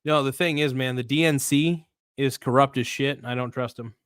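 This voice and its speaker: A man's voice: mid-range voice, steady tone, moderate pace, a bit bright, smooth, no room sound, clean studio sound. Blunt, slangy male livestream host. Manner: blunt, slangy and profane, reading viewer comments aloud; rambling with frequent restarts. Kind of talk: casual livestream commentary.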